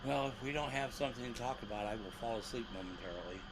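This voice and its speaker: A man in a casual livestream chat, dry and a little drowsy, with a wry edge. His voice sits in a middle register, and a clear steady hiss runs underneath it. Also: medium pitch, fast. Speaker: podcast co-host.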